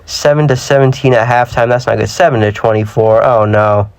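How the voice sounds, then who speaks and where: Brisk and medium-pitched, a young gaming channel host casually commentates a football simulation game in a dry recording. He's slightly sick, chatty and self-deprecating, often tripping over his words.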